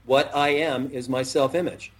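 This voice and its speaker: A middle-aged man hosting a self-help talk show, earnest and preachy, slowing down to stress key phrases. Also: medium pitch, steady tone. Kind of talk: motivational talk-show chat.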